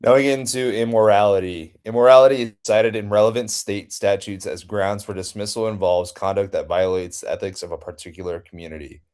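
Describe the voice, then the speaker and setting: Low-voiced guy reading his part of a class presentation, halting, restarts. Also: fairly even intonation, darkish tone, clean tone. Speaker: student presenter.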